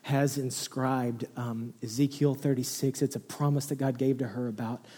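A man in his thirties preaching a sermon, telling a personal story with a lively, animated delivery that swings between hushed, low passages and excited near-shouts. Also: moderate pace, husky. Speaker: pastor. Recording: long hall reverb.

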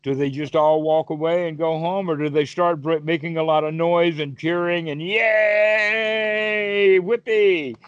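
A man's voice: a little high, level tone, moderate pace, hardly any pauses, darkish tone, no echo, highs cut off. A man teaching meditation over a call, asking his listener questions and giving vivid everyday examples. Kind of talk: Dhamma talk on a call.

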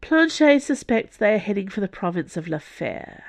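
Woman doing eager excited musketeer Aramis. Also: medium pitch, moderate pace, gravelly, pitched above the performer's own voice. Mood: awkward. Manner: bright and excited.

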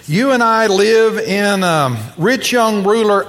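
A man preaching a sermon, animated as he tells a story, acting out the people in it. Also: high-pitched, slow pace, hardly any pauses, long reverb tail. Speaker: pastor.

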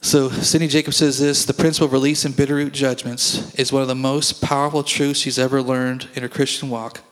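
Pastor with flat, echoing sermon voice. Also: male voice, medium pitch, fairly quick. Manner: conversational storytelling preaching, acts out dialogue.

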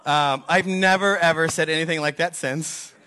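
Bright-voiced man telling a candid sermon story. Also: on the high side, moderate pace. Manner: candid storytelling, self-deprecating, animated asides. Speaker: pastor.

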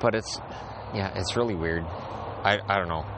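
A man with a lowish voice talks in a loose, rambling monologue, circling back over the same phrases. He sounds like he is outside in a backyard, with faint traffic somewhere in the background. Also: measured pace. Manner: rambling, repeats phrases, restarts sentences. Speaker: podcast host. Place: outdoors in a backyard.

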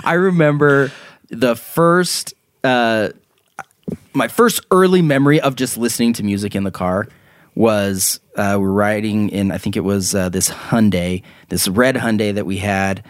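A young adult man hosting a casual podcast chat, rambling and halting, with many fillers and quick laughs. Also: lowish voice, no room sound, studio quality. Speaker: podcast host.

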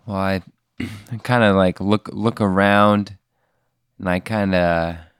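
A man's voice: deep voice, steady tone, takes it slowly, clear, resonant tone, no echo, clean studio sound. A man playing in an improvised tabletop game, talking hesitantly with lots of stammers and fillers. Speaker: player.

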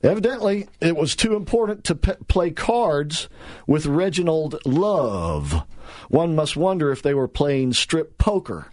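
A man's voice: fairly high pitch, sing-song, unhurried, a little mellow. A man hosting political talk radio, speaking in a sarcastic, heated way with many restarts and repeated words.

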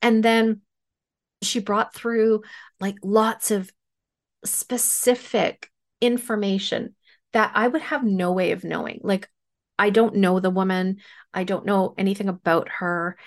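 Woman, podcast host, chatty personal storytelling, plays out the dialogue with energy, mid-range pitch. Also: unhurried. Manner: animated retelling with acted-out dialogue. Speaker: podcast host and spiritual medium.

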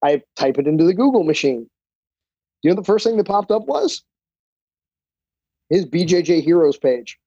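Mellow-voiced man telling fight stories. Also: fairly high pitch, big pitch swings, normal speed, long pauses, husky, dry recording, highs cut off. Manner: loose and profane, many fillers. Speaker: jiu-jitsu instructor, podcast guest. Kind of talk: casual storytelling.

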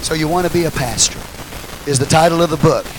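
High-voiced pastor preaching. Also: male voice, fast talker, slight background noise, low-quality recording. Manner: swings from shouted call-and-response to low, quiet asides. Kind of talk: sermon.

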